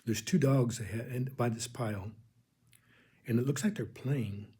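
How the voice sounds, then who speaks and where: A man's voice: medium pitch, moderate pace, mellow, breathy edge. A man earnestly telling his personal faith testimony, rambling and calling his listeners "folks". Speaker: religious channel host.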